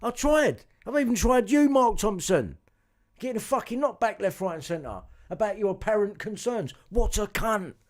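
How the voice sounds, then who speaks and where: A man with a fairly high voice talks straight at his audience, frustrated and coarse. He swears freely and keeps repeating points as he pushes through his grievances. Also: very animated, normal speed. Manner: agitated and profane, repeating himself. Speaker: vlogger. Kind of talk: angry monologue to camera.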